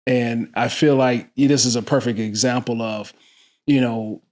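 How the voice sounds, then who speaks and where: A man's voice: medium pitch, steady tone, unhurried, darkish tone. A man hosting a podcast, asking long, rambling questions full of restarts. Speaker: podcast host. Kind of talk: casual podcast interview.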